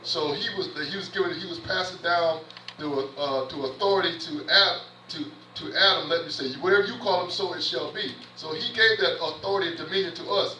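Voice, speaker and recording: Man, church sermon, bright forceful voice, repeats and restarts phrases, reads scripture, roomy church echo, distant mic. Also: a little high, a little hiss or hum. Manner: earnest preaching with repetitions and restarts, reads scripture aloud. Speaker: minister in training. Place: church sanctuary.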